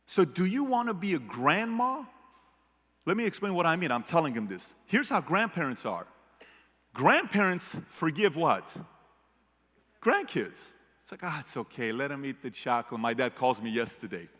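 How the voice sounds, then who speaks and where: Keynote speaker, male, Middle Eastern background, bright punchy voice, storyteller energy, reverberant hall. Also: mid-range voice, normal speed. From Middle East. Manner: animated storyteller, shifts from hushed to shouting. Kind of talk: motivational keynote speech. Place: large hall with audience.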